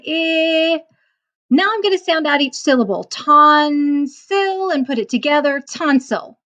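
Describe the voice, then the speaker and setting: A woman's voice: sits high, dull audio. Patient teacher woman walking through phonics. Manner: patient step-by-step instruction, sounding out words slowly. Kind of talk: recorded self-paced phonics lesson.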